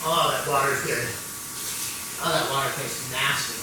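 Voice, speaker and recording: A man's voice: mid-range voice, steady tone, moderate pace, distant mic. Casual rambling man in an echoey room. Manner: rambling, talks himself through small chores. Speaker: video creator. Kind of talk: casual home vlog. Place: at home indoors. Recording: echoey room with noticeable background noise.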